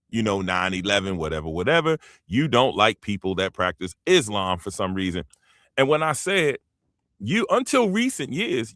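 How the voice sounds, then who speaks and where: An American man with a medium-pitched voice hosts his own show, rambling animatedly through casual opinion commentary. He's emphatic and speaks straight to his listeners. The studio sound is clean, with no echo.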